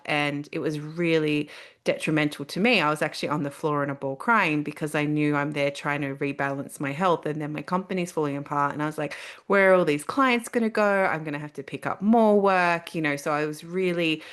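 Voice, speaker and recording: A middle-aged woman, a podcast guest telling her story candidly and earnestly. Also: low voice. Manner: earnest, animated when quoting herself.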